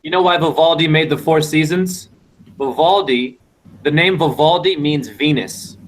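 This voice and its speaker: A man's voice: a little high, moderate pace. A man hosting a casual online panel, lecturing in a rambling way with wordplay over a video call.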